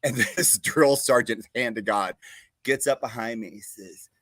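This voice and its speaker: Laughing, animated male talk show host. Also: medium pitch, measured pace, no room sound. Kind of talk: casual storytelling chat.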